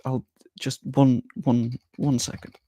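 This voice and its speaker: A man's voice: mid-range voice, little pitch movement, dark tone, no room sound. A man hosting a livestream chat, teasing and joking with dry, self-deprecating humor. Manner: teasing, quick-witted. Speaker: host.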